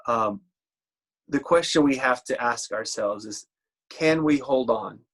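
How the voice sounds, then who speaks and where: A man delivers a church sermon in an everyday conversational voice. He stumbles and restarts as he works through his thoughts, then slows and steadies himself for scripture quotes. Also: mid-range voice, a bit bright. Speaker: preacher.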